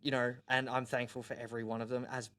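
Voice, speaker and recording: Australian male musician guest, chatty, soft trailing delivery, middle-pitched. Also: level tone, quick pace. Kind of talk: casual podcast chat.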